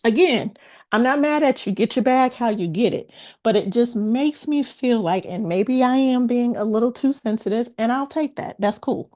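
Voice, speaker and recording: A woman hosting a casual sports talk show, making her case slowly and deliberately, point by point. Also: a little high, a little mellow. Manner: measured, deliberate, builds points in lists. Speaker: host.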